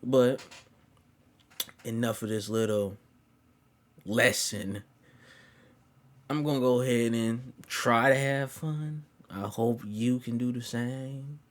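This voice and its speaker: A man's voice: mid-range voice, takes it slowly, pauses often. Young guy, storyteller, slang-heavy, swears freely, easygoing ramble. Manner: slangy, profane, laid-back rambling. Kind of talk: casual storytime.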